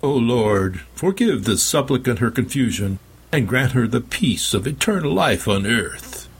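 A man's voice: mid-range voice, very animated, measured pace, breathy edge, voice pushed up, heavily acted. A man voicing a burly male cult enforcer who speaks in a mock-prayerful tone. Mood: mock-pious. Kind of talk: audiobook character voice.

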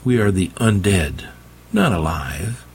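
A man's voice: low-pitched, expressive, slow, a little mellow, breathy edge, full character voice. A man voicing a defiant woman vampire. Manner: firm, defiant. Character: defiant young female vampire, fighter.

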